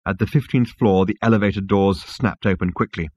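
A man narrating a comic audiobook in a wry, expressive storytelling manner. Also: on the low side, fairly quick, no room sound, dull audio.

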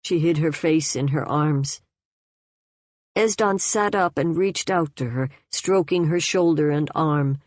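Audiobook narrator, woman, deep and unhurried, measured delivery. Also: a little mellow, no echo. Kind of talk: scripted narration.

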